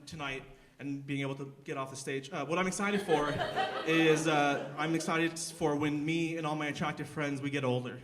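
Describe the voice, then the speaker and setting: Young male stand-up comic, slightly high voice, rambling self-deprecating delivery on a theater stage mic. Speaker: stand-up comedian. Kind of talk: live stand-up set.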